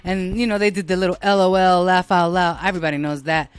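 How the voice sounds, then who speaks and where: A woman's voice: lowish voice, level tone, fast, clean tone, no room sound, soft background music. An American woman hosting her own show, talking casually to listeners in a blunt, profane and self-mocking way. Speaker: podcast host.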